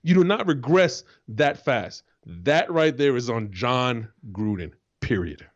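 A man's voice: medium pitch, animated, takes it slowly, muffled recording. A man who once played pro football, co-hosting a casual sports talk show in an emphatic, profane way. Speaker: co-host, former football player.

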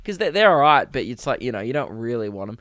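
A man's voice: medium pitch, sing-song, fast, fairly bright tone, dry recording, clean studio sound. A man with an Australian accent hosting a comedic podcast, rambling crudely and jokingly, often slipping into mock voices. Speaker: podcast host. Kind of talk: comedic solo podcast rant.

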